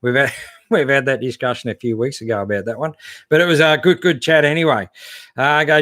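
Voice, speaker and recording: A man's voice: medium pitch, brisk, fairly bright tone, dry recording, clean studio sound. An Australian man hosting a casual live stream about four-wheel driving, chatting in a laid-back, matey way with lots of fillers as he reads out viewer comments. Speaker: 4WD channel host.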